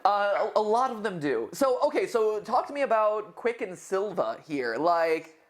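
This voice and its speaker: A man hosting a casual livestream chat, excitable, stumbling over his words and laughing often. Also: sits high, normal speed. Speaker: host.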